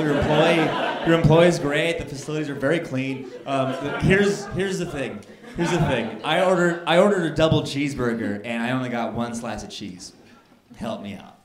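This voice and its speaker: A stand-up comedian, a man with a somewhat high voice, working himself up into indignant shouting. He is recorded in an echoey club room. Loud crowd laughter rolls in behind him. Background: audience laughing.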